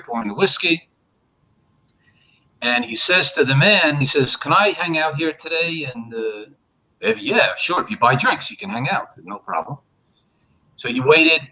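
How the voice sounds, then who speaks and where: A man's voice: medium pitch, poor audio. A man telling a traditional folk tale on a live online panel, acting out the characters, then closing with a blessing. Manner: animated storytelling, acting out characters. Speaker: storyteller on a panel.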